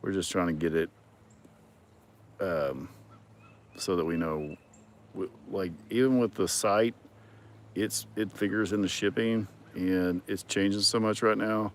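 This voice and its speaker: A man's voice: sits low, unhurried, long pauses. A man hosting a casual livestream, reading viewer comments and talking in a rambling way with many ums and some dry sarcasm. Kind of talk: casual chat.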